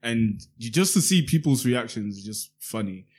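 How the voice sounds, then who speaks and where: Animated young man telling stories. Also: medium pitch, moderate pace, husky. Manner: animated storytelling with heavy slang. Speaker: podcast co-host. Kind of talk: casual chat.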